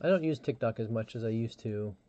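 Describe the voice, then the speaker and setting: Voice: medium pitch, brisk, warm tone. Rambling live stream host, muffled audio. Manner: rambling storyteller, frequent restarts and fillers. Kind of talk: casual live stream chat.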